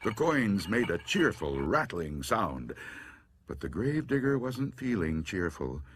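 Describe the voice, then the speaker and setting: A man reading a spooky story aloud in a slow, hushed, dramatic way. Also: deep voice, very animated, slight background noise. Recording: loud music underneath.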